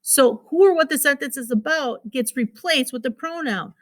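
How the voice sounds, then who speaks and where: A woman's voice: high voice, normal speed, fairly bright tone. A woman teacher giving a recorded phonics lesson to children, patiently repeating words and sounding out their syllables.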